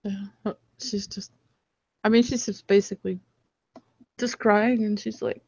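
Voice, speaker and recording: A woman player chatting at a tabletop game, soft and hesitant. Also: medium pitch, fairly even intonation, a little slow, long pauses, no echo, dull audio. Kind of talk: casual chat at a tabletop game.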